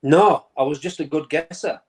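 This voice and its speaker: A man's voice: on the high side, moderate pace, darkish tone, slight background noise, poor audio. A man in his fifties from England, a former goalkeeper chatting as a guest over a video call from a home man cave, telling stories with frequent laughs and repeated words. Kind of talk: casual interview chat.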